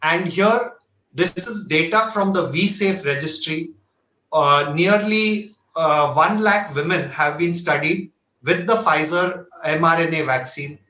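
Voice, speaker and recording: A man with an Indian accent, a doctor giving a formal, measured slide lecture at a medical webinar. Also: a little high, bright, forceful tone, echoey room, poor audio. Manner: measured, earnest, asks for each next slide. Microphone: webinar audio.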